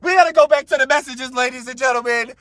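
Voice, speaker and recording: This podcast host reads a story aloud and riffs on it with crude humor, his very high voice moving quickly. He lurches from loud outbursts to quiet mutters, often cracking himself up. The recording is clean studio sound with no room echo.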